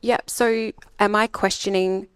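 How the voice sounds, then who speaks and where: A woman's voice: mid-range voice, steady tone, unhurried, smooth, dry recording. A woman with an Australian accent, a public speaking coach talking emphatically in a podcast interview. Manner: emphatic, acts out example voices.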